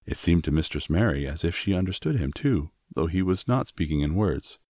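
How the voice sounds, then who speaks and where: A man narrating a storybook in a measured, expressive reading. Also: low voice, no room sound, clean studio sound. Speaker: audiobook narrator.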